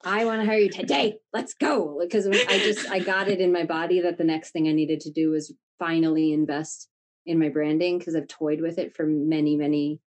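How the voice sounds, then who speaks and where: A woman coach talking candidly in a casual podcast conversation, animated and swearing freely. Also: low-pitched, brisk. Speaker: guest, creative coach.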